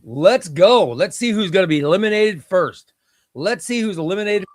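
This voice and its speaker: A man's voice: high-pitched, animated, moderate pace. Chatty man hosting a comics livestream. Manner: chatty, exclaims at each elimination. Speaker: comic book livestream host. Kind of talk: casual livestream chat.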